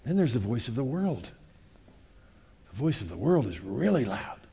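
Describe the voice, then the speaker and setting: Animated man preaching a sermon. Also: mid-range voice, moderate pace, creaky, breathy edge. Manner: animated, swings from loud to hushed, acts out voices; conversational, asks the congregation questions. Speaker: pastor.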